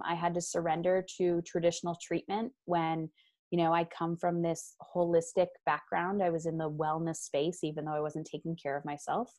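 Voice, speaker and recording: Speaking in a lowish voice, this author, a guest who lives in Ontario, Canada, recounts a personal story with frankness and energy. She acts out the people she quotes and drops in quick asides during the candid conversation.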